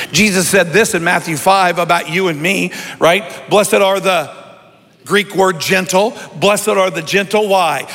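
A high-pitched man with a bright, forceful voice preaches to his congregation in a long-echoing sanctuary. He leans into call-and-response, then sinks to soft, intense lows. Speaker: pastor. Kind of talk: sermon.

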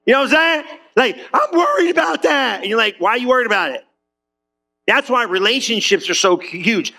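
A high, bright-voiced man preaching. He talks fast and loose like a conversation, calling out to his congregation for amens. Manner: lively and conversational, calls for amens. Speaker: pastor. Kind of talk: sermon.

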